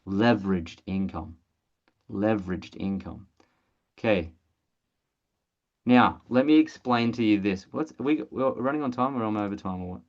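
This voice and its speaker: Blunt, excitable trainer voice, mid pitch, muffled video-call audio, casual swearing. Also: normal speed. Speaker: presenter of an online training call. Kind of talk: energetic sales training webinar.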